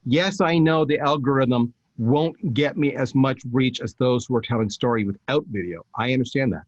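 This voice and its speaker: A man, a podcast guest, giving emphatic, animated marketing advice in casual talk. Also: mid-range voice, moderate pace, no echo, muffled recording. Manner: energetic, emphatic, animated storytelling with restarts.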